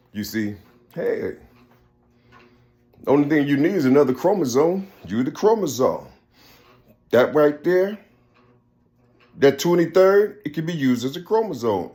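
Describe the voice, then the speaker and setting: A man's voice: medium pitch, a little mellow. A man giving a rambling spiritual monologue, repeating himself often. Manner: rambling, repeats "you see" constantly.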